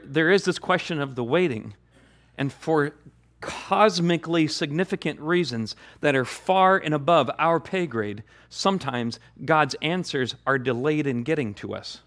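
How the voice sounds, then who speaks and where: A male pastor delivering a sermon in an earnest, emphatic manner. His voice sits a little high for a man, and he returns to key phrases again and again to drive them home. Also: a bit bright.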